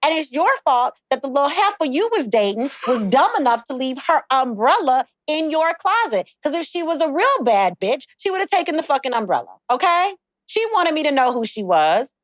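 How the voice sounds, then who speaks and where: A woman co-hosting a podcast, her voice sitting a little high and swinging widely as she argues her side. She sounds insistent and amused, with laughter close to the surface. The recording is dry and close. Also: fairly quick, no room sound. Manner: animated, insistent, laughing retelling. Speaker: podcast co-host. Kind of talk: casual banter.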